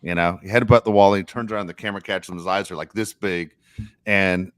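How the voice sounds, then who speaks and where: A middle-aged man co-hosting a sports podcast, telling animated stories and acting out quotes. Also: low-pitched, fast, clear, resonant tone. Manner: animated storyteller, acts out quotes. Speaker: podcast co-host. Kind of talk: casual sports chat.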